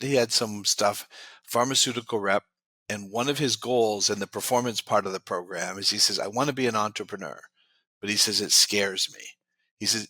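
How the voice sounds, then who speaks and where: With no echo around him, a man in a low, bright and forceful voice tells an interviewer about clients' successes. He's a guest expert, and he quotes those clients again and again.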